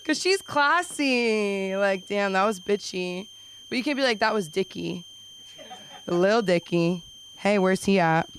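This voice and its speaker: At an open mic in a small club, a young woman does a stand-up set, rambling through her material with quick self-deprecating asides. Her medium-pitched delivery is animated, with faint room noise underneath on a low-quality recording.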